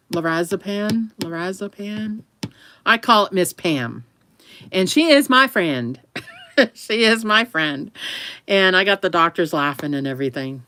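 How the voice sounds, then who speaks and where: A woman's voice: deep voice, a bit bright, clear, resonant tone, no echo. A woman talking to camera in a rambling, chatty way, often laughing. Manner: talks affectionately to her dog between remarks. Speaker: vlogger. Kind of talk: casual chat to camera.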